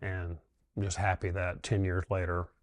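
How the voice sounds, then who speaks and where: A middle-aged dentist with a low, deep voice slowly tells the story of his wife's cancer, halting often and filling pauses with filler words. His delivery is heartfelt but even and flat, without big swings. The sound is close and dry, with no echo.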